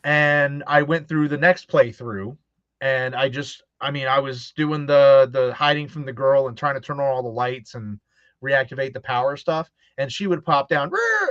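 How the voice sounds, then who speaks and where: A man's voice: medium pitch, steady tone, normal speed, fairly bright tone, no room sound. A man hosting a casual chat, telling stories animatedly and acting out quoted voices, with frequent laughs. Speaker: host. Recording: dull lo-fi dry sound.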